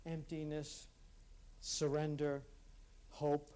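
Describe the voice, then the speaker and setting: A conference speaker, male, with a slightly high, slightly mellow voice delivers a reflective talk in a monotone. He is earnest, pausing and restarting as he goes, and the clip is a live recording in a hall.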